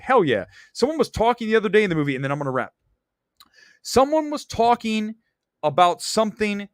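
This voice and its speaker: Male show host, animated movie-talk rant, dry close sound. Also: medium pitch, no room sound. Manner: animated, enthusiastic ranting with swearing. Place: Los Angeles area.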